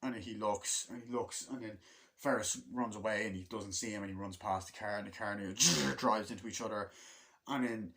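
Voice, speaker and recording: A man chats loosely about a film in a somewhat low voice. He swears often and hums bits of the score as he goes. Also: fairly even intonation, a little fast, a bit bright. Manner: rambling, swears freely, hums the music. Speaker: movie reviewer. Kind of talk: casual spoken movie review.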